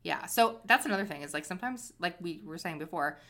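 A woman's voice: lowish voice, lively intonation, a little fast, pushed and bright. A young woman co-hosting a podcast, chatting casually and drifting into tangents with lots of fillers. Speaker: podcast co-host. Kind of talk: casual chat.

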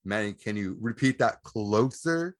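A man with a fairly low voice trading jokes and friendly trash talk on a podcast. The sound is dry and close. He laughs often and keeps the banter loose. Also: expressive, unhurried, dry recording. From Southern California. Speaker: podcast co-host.

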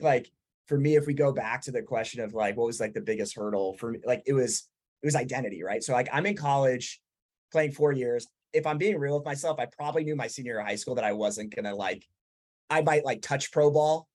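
A young man with a mid-pitched, slightly raspy voice co-hosts a podcast. He talks casually and loosely, filling his speech with "like" and joking with his old teammates. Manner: fillers of "like", lively, joking. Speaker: podcast co-host, former college team captain. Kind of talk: casual conversational chat.

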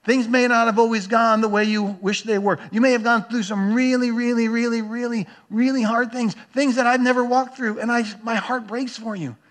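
A man's voice: very high voice, fairly even intonation, a little fast, hardly any pauses, a bit bright. A man preaching a sermon as a pastor, earnest and emphatic, repeating phrases for weight.

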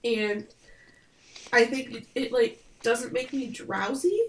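A woman's voice: on the high side, steady tone, slow pace. A young woman with a Michigan accent and a nasal voice, stuffy from a lingering cold, chatting and giggling as a podcast co-host. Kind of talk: casual chat.

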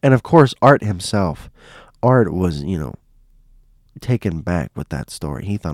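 A man's voice: low voice, very animated, unhurried, a little mellow, no room sound, clean studio sound. A man telling stories in a loose, casual way, often repeating himself and restarting phrases. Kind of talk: casual spoken storytelling.

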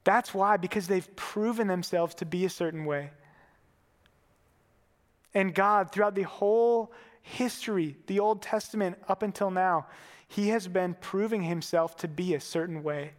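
A man's voice: high-pitched, measured pace, in a large hall. A man preaching a sermon in a casual, conversational way, using everyday fillers.

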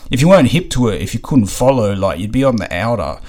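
A man's voice: medium pitch, sing-song, fast talker, few pauses, darkish tone. A man with an Australian accent, hosting a podcast and telling stories in a loose, rambling way, swearing casually and leaning on fillers like "you know what I mean". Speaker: podcast host. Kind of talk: casual storytelling monologue.

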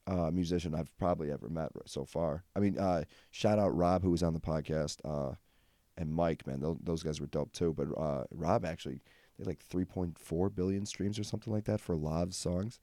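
A man's voice: low-pitched, fairly even intonation, moderate pace, mellow, no room sound. A young man hosting a comedy podcast alone, rambling through stories with lots of fillers and self-deprecating jokes. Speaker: podcast host. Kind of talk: solo comedic rant.

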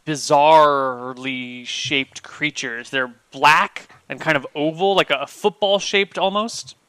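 A man acting as game master, narrating scenes and calling for dice rolls in a relaxed, descriptive way. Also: on the high side, clean tone, no room sound. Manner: descriptive, unhurried scene-setting.

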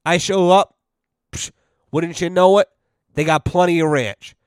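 A man's voice: on the high side, fairly even intonation, measured pace, clean tone, no room sound, clean studio sound. A man hosting a podcast, telling a rambling, profane story in a wry, casual way. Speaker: podcast host.

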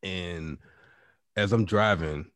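A man co-hosting a casual chat, telling a story in a laid-back, drawn-out way with frequent fillers. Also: low voice, no echo. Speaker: podcast co-host.

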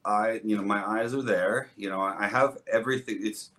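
A man's voice: on the low side, steady tone, fairly quick, a bit bright. Earnest, rambling hairdresser man. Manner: rambling, earnest, frequent restarts and "like". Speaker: podcast guest, hairdresser. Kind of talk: casual conversational storytelling.

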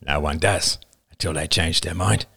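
A man voicing a stern, guarded older clan leader who speaks low and curt with a strange accent. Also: moderate pace, gravelly, sharp tone, husky, no echo, studio quality, heavily acted. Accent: strange foreign accent.

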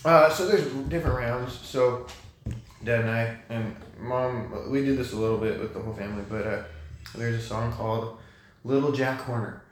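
A young man talking as a guest in a casual conversation, thoughtful and halting, with many fillers and restarts. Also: mid-range voice, slight background noise. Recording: echoey room.

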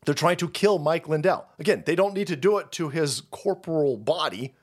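A man's voice: a little high, expressive, normal speed. A man hosting a political commentary stream, ranting in a rambling, sarcastic and foul-mouthed way. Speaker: host.

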